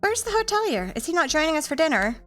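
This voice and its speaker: A woman's voice: sits high, sing-song, fast talker, fairly bright tone, faint music behind. A woman voicing a young female medical student who calls herself a modern-day Viking and speaks in a matter-of-fact, wry way. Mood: plain.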